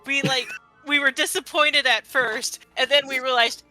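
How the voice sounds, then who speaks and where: Bright excitable guy laughing thru a tabletop game, some music under it. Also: very high-pitched, measured pace, low-quality recording. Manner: laughing often, excitable, swears freely. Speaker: player. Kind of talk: casual tabletop game chat.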